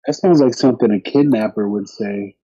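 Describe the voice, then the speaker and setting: A man's voice: on the low side, a little fast, dark tone, breathy edge, soft background music. A man joining as a guest on a casual movie reaction, firing off sarcastic quips, on a dull lo-fi mic.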